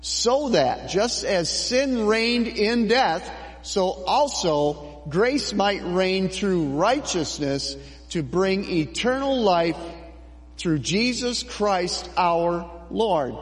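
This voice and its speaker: A middle-aged man preaching a sermon as pastor, slow and emphatic with dramatic pauses. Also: high voice, expressive, big-room sound.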